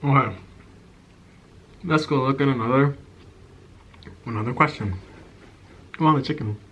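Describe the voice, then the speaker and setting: A man's voice: mid-range voice, a bit bright. A man chatting casually while eating in his apartment, candid and loose, trailing off between bites. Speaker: ASMR and vlog creator. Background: faint outside noise of passing cars.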